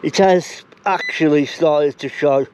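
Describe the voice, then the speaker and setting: A man vlogging outdoors while metal detecting, out of breath and chatty, talking excitedly to his viewers. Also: a little high, slow pace, dull audio, noisy background. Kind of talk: casual outdoor vlog commentary. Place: outdoors in a field.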